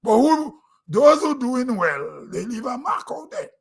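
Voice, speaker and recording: A man with a Grenadian accent hosting a show and giving his opinion in a deliberate, emphatic way with pauses. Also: very high-pitched, very animated, gravelly, husky. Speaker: host. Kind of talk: opinion commentary.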